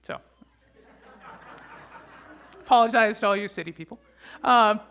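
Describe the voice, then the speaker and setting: A pastor preaching a conversational sermon, often checking in with the congregation with a quick "right?". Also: medium pitch, sharp tone.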